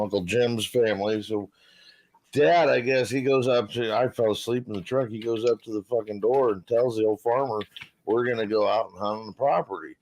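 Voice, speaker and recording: A man's voice: fairly low pitch, a little mellow, a little hiss or hum. A man on a live panel telling a long, rambling hunting story, swearing freely. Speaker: panel guest. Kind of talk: casual storytelling.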